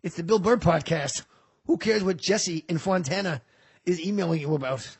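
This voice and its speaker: A man's voice: fairly high pitch, normal speed, darkish tone, husky. A male comedian guest on a podcast, joking and rambling in casual banter, often mocking himself.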